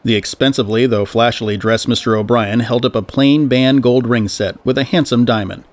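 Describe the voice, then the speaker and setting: A man reading a story aloud as narrator, in an even storytelling manner. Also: medium pitch, a little fast. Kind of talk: audiobook narration.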